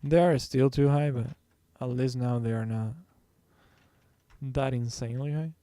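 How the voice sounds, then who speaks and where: A man's voice: mid-range voice, fairly even intonation, measured pace, warm tone, dry recording. A man streaming his drawing, talking casually to himself and his viewers in a rambling, self-correcting way. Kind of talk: casual thinking-aloud while drawing.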